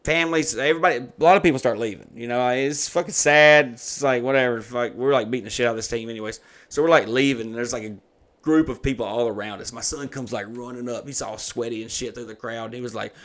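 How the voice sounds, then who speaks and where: A podcast host in his thirties tells a story casually and fast, with plenty of swearing. His mid-range voice animates the retelling through put-on, acted-out quotes.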